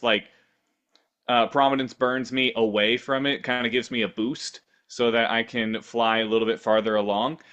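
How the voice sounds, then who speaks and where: A man's voice: mid-range voice, fairly bright tone. A man co-hosting a podcast, telling silly improvised stories in a playful, rambling way. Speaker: podcast co-host. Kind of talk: casual improv chat.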